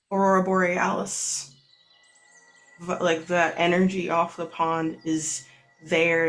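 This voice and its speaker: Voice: medium pitch, fairly bright tone. A game master narrating a tabletop game in a loose, rambling way with many fillers.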